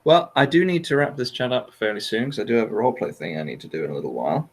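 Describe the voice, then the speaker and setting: A man's voice: mid-range voice, animated, racing, slightly rough. A man hosting a casual chat, rambling with hesitant fillers and laughing often. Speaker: podcast host.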